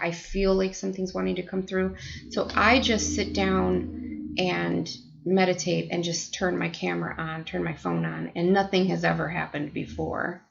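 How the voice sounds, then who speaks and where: A woman's voice: on the low side, vocal fry, muffled recording. An American woman telling a personal spiritual story to camera in a chatty, reflective way. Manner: chatty, reflective, many fillers. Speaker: spiritual vlogger.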